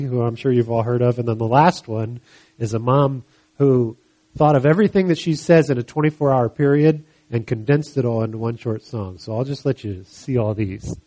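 Man, church speaker, casual joking address, easy halting delivery. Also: medium pitch, a little mellow. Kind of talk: casual talk to a congregation.

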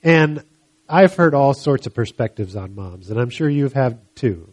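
Man, church speaker, casual joking address, easy halting delivery. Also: mid-range voice, lively intonation, darkish tone. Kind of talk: casual talk to a congregation.

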